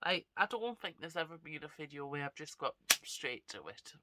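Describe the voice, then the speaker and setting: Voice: mid-range voice, very animated, moderate pace, very noisy. A vlogger and actor with a stuffy, congested nose, chatting casually and rambling to camera. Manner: rambling, chatty, self-deprecating.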